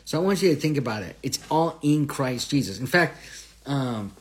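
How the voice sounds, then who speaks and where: A man's voice: lively intonation, normal speed. Earnest man teaching a Bible study. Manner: earnest, conversational, asks rhetorical questions; swells louder and higher on scripture phrases.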